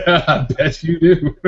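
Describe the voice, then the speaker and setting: A man's voice: a little high, slightly rough, lo-fi sound. A man hosting a casual group video chat, rambling and laughing, often repeating his words. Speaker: host of a motovlogger hangout.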